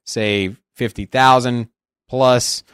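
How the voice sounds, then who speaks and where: A man's voice: mid-range voice, steady tone, takes it slowly, fairly bright tone, clear, resonant tone, no room sound. Man, crypto podcast co-host, hesitant, thinks aloud, casual chat, dry close mic.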